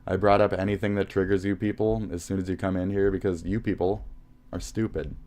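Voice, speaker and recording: American man, low voice, profane livestream host in a heated rant. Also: flat delivery, brisk, darkish tone. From United States. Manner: heated, profane, insulting chat.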